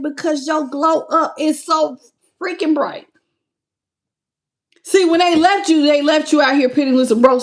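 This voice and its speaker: A woman with a high, bright-sounding voice giving a live tarot reading. She talks in an animated, affectionate way, calling listeners baby and greeting them by name. She laughs often between lines. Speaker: tarot reader.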